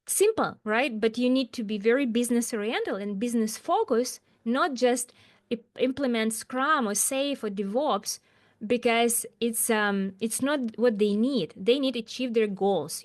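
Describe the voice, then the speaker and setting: Animated woman with a higher voice. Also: moderate pace. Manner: animated, emphatic, rhetorical questions. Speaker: guest, agile coach. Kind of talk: interview conversation.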